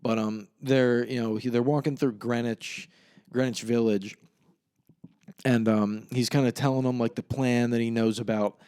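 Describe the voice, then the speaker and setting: A man's voice: medium pitch, steady tone, moderate pace, darkish tone, clear, resonant tone. A young man hosting a casual solo podcast, rambling and swearing as he retells a film. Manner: rambling, profane, laughs at his own retelling. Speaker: podcast host.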